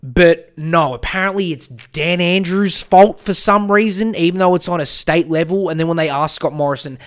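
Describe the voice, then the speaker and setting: Brief: male podcast host, slightly higher voice, angry profane rant. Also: normal speed. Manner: heated, profane, rambling with restarts. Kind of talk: casual political rant.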